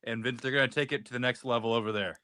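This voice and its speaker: A man's voice: mid-range voice, fairly even intonation, very fast, bright, forceful tone, clear, resonant tone, no echo, studio quality. A man co-hosting a chat, affable and making brief remarks. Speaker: co-host. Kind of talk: casual chat.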